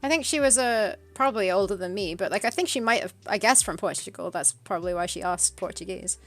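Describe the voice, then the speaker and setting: Chatty British woman, halting. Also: medium pitch, soft background music. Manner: chatty, hesitant storytelling with many fillers. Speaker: streamer co-host. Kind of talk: casual chat.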